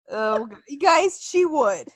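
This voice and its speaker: A woman's voice: high-pitched, no echo. A woman co-hosting a podcast in casual chat, gushing and giggly, swearing now and then. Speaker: podcast co-host.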